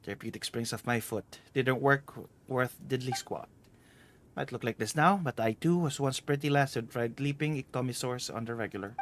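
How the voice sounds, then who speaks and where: A man with a mid-range, everyday-sounding voice reads game dialogue aloud at normal speed, with a little hiss or hum in the audio. He voices a playful older woman treasure hunter with a bad back, teasing and bossy.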